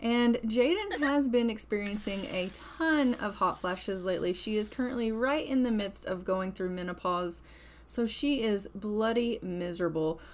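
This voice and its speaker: A woman's voice: mid-range voice, normal speed. Chatty woman narrating a game. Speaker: gaming channel host. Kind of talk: casual game commentary.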